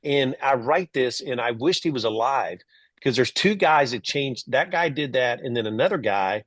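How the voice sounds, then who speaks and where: A middle-aged man from Texas telling stories as a guest in an interview, lively, acting out the voices of people he quotes. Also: mid-range voice, moderate pace, no room sound. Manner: animated storyteller, acts out quoted voices. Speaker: guest, entrepreneur and author. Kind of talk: storytelling interview.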